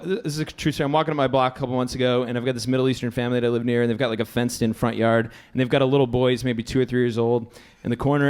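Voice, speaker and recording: Rambling middle-aged comedian, club mic. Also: male voice, medium pitch. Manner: rambling and self-deprecating, with shouted bursts. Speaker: stand-up comedian. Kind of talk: stand-up set.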